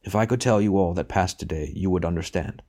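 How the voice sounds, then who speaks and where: A man reading an audiobook, voicing a grave husband who speaks in a soothing, steady, reassuring way. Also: low-pitched, fast.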